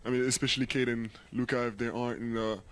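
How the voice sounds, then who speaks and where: A man co-hosting a casual sports talk show, speaking in a measured, thoughtful and slightly hesitant way. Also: medium pitch, little pitch movement, clear, resonant tone.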